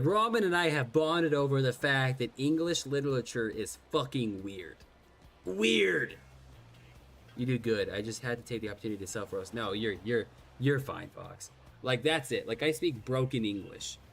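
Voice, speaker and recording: A man's voice: mid-range voice, animated, normal speed, faint music behind. A man from Ireland chatting casually while streaming a game, rambling and self-deprecating, with lots of restarts and swearing.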